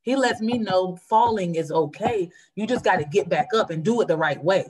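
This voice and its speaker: A woman in a casual faith conversation, talking fast and earnestly as she shares her testimony. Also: on the low side, crowd noise. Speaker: churchgoer sharing testimony.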